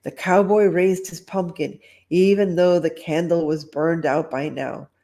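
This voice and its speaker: A woman's voice: lowish voice, fairly even intonation, a little slow, warm tone. A middle-aged woman reading a children's storybook aloud, with chatty asides. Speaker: storytime reader.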